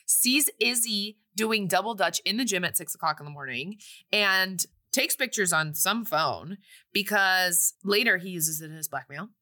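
Bright-voiced woman recapping a movie. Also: medium pitch, unhurried. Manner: animated, breezy retelling with acted-out quotes. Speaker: podcast co-host recapping a film. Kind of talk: casual recap chat.

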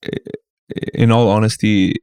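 A man's voice: on the low side, a little slow, clear, resonant tone, no echo, clean studio sound. A man in his thirties with a Singaporean English accent, a guest comedian telling stories in a casual podcast chat. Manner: animated storyteller, slips into put-on voices.

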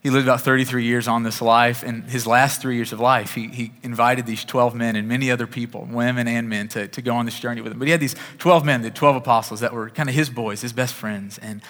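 Bright-voiced male pastor in a reverberant hall. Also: mid-range voice, steady tone, fairly quick, hardly any pauses. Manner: conversational, with frequent repeated starts. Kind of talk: sermon. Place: church sanctuary. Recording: long reverb of a large hall.

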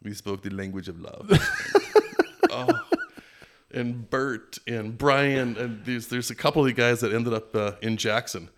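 Middle-aged man from Minnesota, podcast guest, lively storyteller, mid-range pitch. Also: unhurried. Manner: animated, chatty, does playful impressions. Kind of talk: casual storytelling interview.

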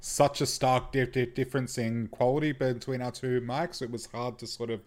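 A man co-hosting a podcast in casual chat, talking haltingly with frequent restarts. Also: mid-range voice, flat delivery. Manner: halting, many restarts and fillers. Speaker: podcast co-host.

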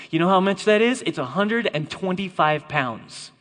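A man preaching a lively sermon to a congregation, playful and emphatic, joking with volunteers. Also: high voice, moderate pace, few pauses. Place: church hall before a congregation. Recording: long reverb of a large hall.

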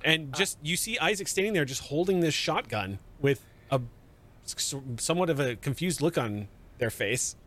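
A man narrating and running a tabletop game as game master, in calm, measured scene narration. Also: a little high.

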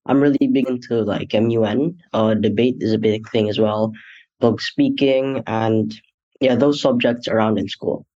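A man's voice: fairly low pitch, fairly even intonation, normal speed, warm tone. A teenage boy hosting a student podcast, speaking casually and loosely, often reaching for words with fillers. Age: teens. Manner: loose, searching phrasing with many "like" fillers. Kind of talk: casual interview. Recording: dull lo-fi audio.

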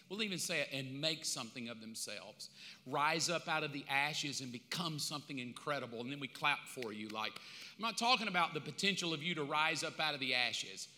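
Guy preaching in a big echoey church, high bright voice, gets loud then goes real quiet. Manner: emphatic, swings from loud to hushed, conversational. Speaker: pastor. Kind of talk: sermon. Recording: long hall reverb.

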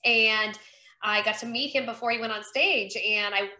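In a casual interview, a North Carolina woman running for Congress talks in an upbeat, chatty manner, acting out quoted conversations. Her fairly high voice is bright and forceful at a moderate pace, and the recording has a roomy echo.

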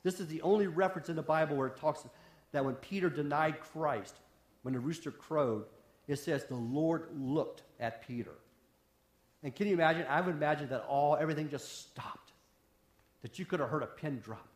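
A man preaching a sermon as a pastor, impassioned, swinging from raised intensity down to a near hush. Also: a little high, normal speed. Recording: roomy echo.

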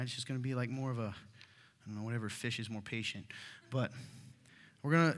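A man's voice: mid-range voice, fairly bright tone. A man preaching a sermon as pastor, chatting and joking with the congregation, then reading Scripture with rising emphasis. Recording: reverberant hall.

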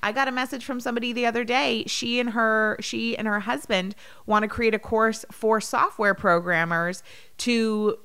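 Podcast co-host, woman, 30s, slightly low voice, casual and animated storyteller. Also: clear, resonant tone. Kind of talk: casual chat.

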